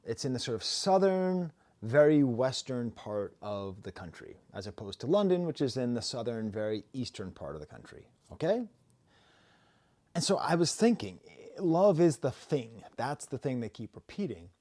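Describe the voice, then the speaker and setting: A middle-aged man hosts a casual music review video, rambling through his points with self-deprecating jokes. His voice is warm and mellow, sitting at an ordinary pitch. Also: sing-song, moderate pace. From United States.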